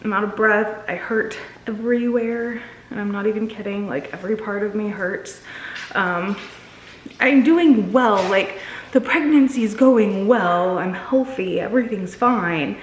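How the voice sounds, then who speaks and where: A woman's voice: medium pitch, unhurried, slight background noise. Tired woman vlogging in a roomy house. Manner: candid, rambling, talks straight to viewers. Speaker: vlogger and mother. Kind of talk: casual chat to camera. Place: home, indoors on the stairs. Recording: roomy home recording.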